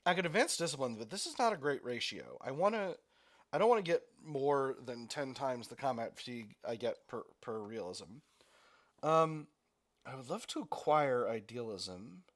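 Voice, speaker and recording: A man's voice: mid-range voice, expressive, normal speed. A man giving casual gameplay commentary, thinking aloud, laughing easily and stumbling over his words. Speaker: let's play host.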